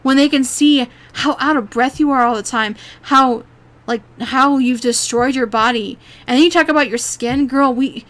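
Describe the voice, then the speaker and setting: A woman's voice: high voice, takes it slowly, long pauses, fairly bright tone. Exasperated woman ranting with restarts. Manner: rambling, exasperated, profane, with frequent restarts. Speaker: YouTube commentary creator. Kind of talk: reaction commentary monologue.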